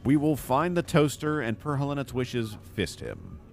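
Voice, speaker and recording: A man's voice: medium pitch, huge pitch swings, moderate pace, gravelly, faint music behind. A man streaming a video game, joking and rambling through casual commentary and laughing at himself.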